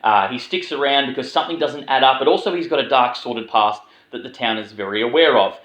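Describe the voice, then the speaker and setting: A man's voice: mid-range voice, fast talker, fairly bright tone, echoey room, low-quality recording. Rambling Australian man reviewing a film. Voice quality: swears freely, rambling with many fillers. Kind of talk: casual spoken movie review.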